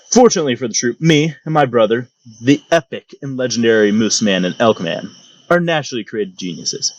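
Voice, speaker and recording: A man's voice: medium pitch, no room sound. Young guy doing comedy storytime, sarcastic and theatrical, voice bounces around a lot, dry mic. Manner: mock-grand, sarcastic, theatrical. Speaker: storytelling channel host.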